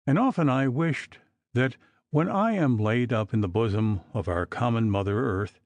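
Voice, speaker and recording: A man narrating an old gothic novel as an audiobook, reading in a measured, expressive way. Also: mid-range voice, dry recording.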